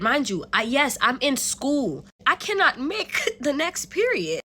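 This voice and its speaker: A young woman telling a storytime vlog in an animated, slangy way, with swearing and laughter. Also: high voice, normal speed, few pauses. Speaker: vlogger.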